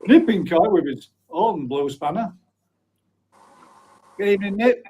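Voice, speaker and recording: A man's voice: sits high, expressive, measured pace, warm tone, husky, rough recording. Chatty middle-aged host man. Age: 40s. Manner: chatty, blunt, swears offhand, laughs often. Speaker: live stream host. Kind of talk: casual chat, reading out viewer comments.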